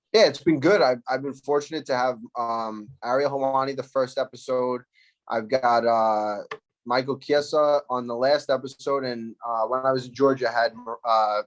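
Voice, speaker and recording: A man talks loosely and casually, circling back and restarting his sentences. His voice sits in a middling pitch. He is heard through a phone with earphones on a call. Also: fairly even intonation, normal speed, highs cut off. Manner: rambling, loose, full of fillers and restarts. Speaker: fighter, interview guest. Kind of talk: casual interview over video call.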